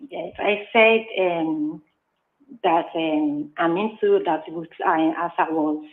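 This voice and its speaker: Halting, polite woman caller, lowish voice, phone-line sound. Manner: hesitant, halting with many restarts, polite. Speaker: guest caller, small business owner.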